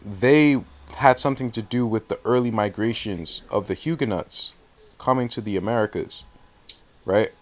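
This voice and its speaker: A man with a somewhat low voice hosts a casual interview. He reasons his points out step by step and often checks that his guest is following along. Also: normal speed. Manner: thoughtful, lays out points and checks agreement. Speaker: host.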